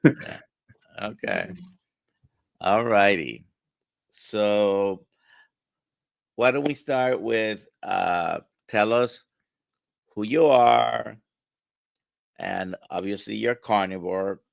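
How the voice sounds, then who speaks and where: A man hosting a livestream in a relaxed way, with many fillers and pauses. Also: on the low side, creaky, dry recording, studio quality. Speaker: livestream host. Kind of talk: casual livestream talk.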